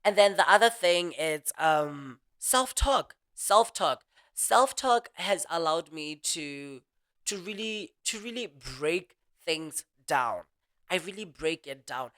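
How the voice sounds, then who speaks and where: A speaker hosting a motivational audio talk in a casual, earnest monologue, talking quickly and restarting sentences often. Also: medium pitch. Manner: quick, animated speech with frequent restarts; earnest and reflective.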